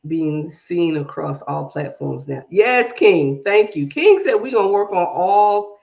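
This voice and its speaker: A woman's voice: lowish voice, sing-song, measured pace, creaky, a little mellow, lo-fi sound. A woman with a mix of Southern drawl and Brooklyn accent hosting a casual livestream, greeting viewers by name and talking herself through tech fixes. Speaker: livestream host.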